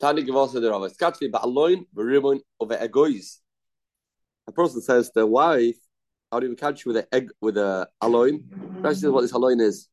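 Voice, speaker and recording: A man teaches a Talmud class at a middle pitch. He circles back over each phrase, repeating words as he reasons his way through the passage aloud. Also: brisk, a little mellow. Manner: repetitive, thinking aloud, mixing Aramaic terms into English. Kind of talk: Talmud study lesson.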